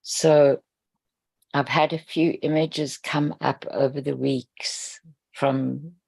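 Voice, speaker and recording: A woman reading a heartfelt note to a group in a gentle, earnest way. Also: extremely low pitch, steady tone, slow, vocal fry, no room sound. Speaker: group participant.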